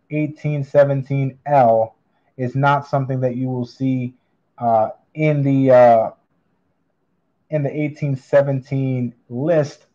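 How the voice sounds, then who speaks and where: A man running a live online coin auction, calling bids in a drawn-out, upbeat patter. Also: mid-range voice, warm tone, lo-fi sound.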